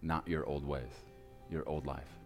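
A man's voice: rumbling low, little pitch movement, creaky, in a large hall, soft background music, voice pushed down, full character voice. A man voicing a grave wealthy old father. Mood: somber. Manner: slow, quiet and grave. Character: somber wealthy powerful older father.

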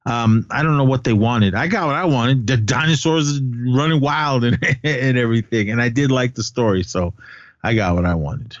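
A man's voice: medium pitch, moderate pace, no room sound. Rambling man reviewing films, dull dry sound. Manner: rambling, self-correcting, laughs at himself. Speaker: podcast co-host reviewing films. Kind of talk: casual chat. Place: at home with a child nearby.

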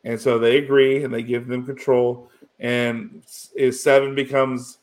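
A man in casual conversation, rambling through a story with plenty of fillers and restarts. His voice sits at an ordinary middle pitch, and he gets emotional as he goes. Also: flat delivery, measured pace, a little mellow. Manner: rambling, full of "you know" and restarts, emotional. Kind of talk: casual chat recapping a TV episode.

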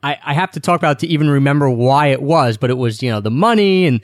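A man's voice: a little high, fast talker, no room sound, clean studio sound. A young man co-hosting a casual travel chat, talking in a rambling, self-deprecating way. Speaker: travel podcast co-host.

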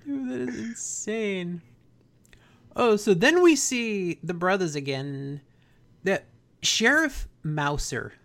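Laid-back male host retelling a plot, lively in pitch and loose with slang. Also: slow pace, creaky. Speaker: podcast host. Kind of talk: casual chat, episode recap.

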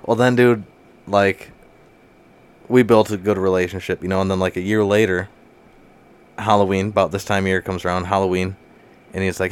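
Low-voiced young man telling stories, laughing. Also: fairly even intonation, normal speed, long pauses, clear, resonant tone. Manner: laughs often, swears freely, says dude constantly. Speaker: guest. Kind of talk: casual storytelling.

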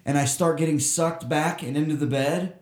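Speaking at a moderate pace, a young man with a somewhat high, darkish voice recounts a long personal story in relaxed conversation. He swears a lot and keeps backing up to start over as he rambles, all captured in an echoey space.

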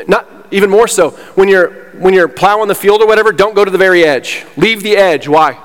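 A man's voice: high-pitched, a little fast, few pauses. A man preaching a sermon as pastor, fired up and slightly out of breath, emphatic and repeating himself. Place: church sanctuary. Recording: long hall reverb.

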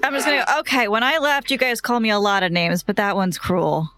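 A woman's voice: fairly high pitch, fairly even intonation, quick pace, fairly bright tone, faint music behind. A woman playing her character in a tabletop game, exasperated and laughing. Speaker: player. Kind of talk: tabletop role-play.

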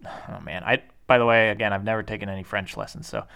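Male podcast co-host, easygoing and halting, clean resonant tone. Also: on the low side, steady tone, vocal fry, sharp tone, smooth. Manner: rambling, halting, with many fillers and laughs. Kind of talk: casual board game podcast chat.

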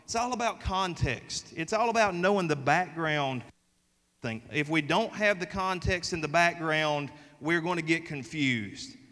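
A man with a Southern US accent preaching a sermon, telling folksy stories in an animated way. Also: a little high, unhurried, in a large hall. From American South. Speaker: pastor.

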